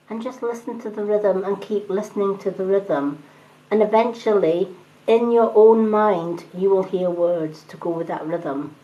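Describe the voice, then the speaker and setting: A middle-aged woman giving a gentle, chatty spiritual talk to viewers on a live stream. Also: medium pitch, muffled recording. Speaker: tarot reader on a live stream.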